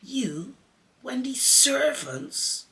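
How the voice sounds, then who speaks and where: A man's voice: extremely high pitch, big pitch swings, vocal fry, pushed and bright, far from the mic, pitched above the performer's own voice, heavily acted, rough recording. A man voicing an indignant older brother who draws out his shocked exclamations. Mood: aghast. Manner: drawn-out, aghast exclamations.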